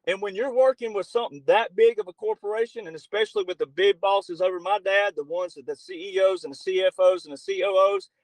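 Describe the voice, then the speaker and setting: A man's voice: high-pitched, fast, hardly any pauses, no room sound, poor audio. A middle-aged man talking as a podcast guest, blunt and emphatic, with some profanity. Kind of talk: political talk show conversation.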